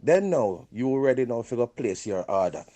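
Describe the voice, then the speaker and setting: A man complaining in a phone voice note, telling it with lively patois phrasing. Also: medium pitch, fairly quick. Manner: animated storytelling, patois phrasing. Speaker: caller via voice note.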